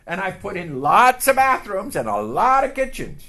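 A man preaching a sermon and telling a personal story, emotional and building to loud outbursts. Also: high-pitched, huge pitch swings, moderate pace. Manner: emotional, building to shouts, leads call-and-response. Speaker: pastor. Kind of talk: sermon with testimony.

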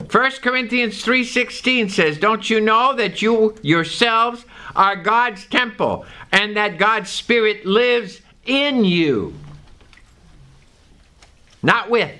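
A male preacher with a high, bright voice that swoops up and down, delivering a sermon. He takes his time, leaning hard on single words and stretching out phrases for emphasis.

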